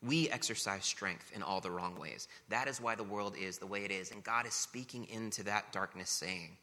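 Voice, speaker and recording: A man's voice: lowish voice, normal speed, bright, forceful tone. A man preaching a sermon as pastor, earnest and emphatic, building points through rhetorical questions and repetition. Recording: long reverb of a large hall.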